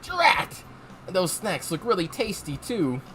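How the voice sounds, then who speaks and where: A woman's voice: fairly low pitch, big pitch swings, takes it slowly, a bit bright, slight background noise. A woman playing a story game with a friend, reading the game's lines aloud in put-on voices. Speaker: game player voicing characters. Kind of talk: casual game voice-acting playthrough.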